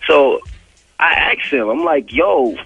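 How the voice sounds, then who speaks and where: Animated man retelling a story on the radio. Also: mid-range voice, normal speed, no room sound, faint music behind. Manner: animated retelling, acting out both sides of the exchange. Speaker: radio interview guest. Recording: dull lo-fi radio audio.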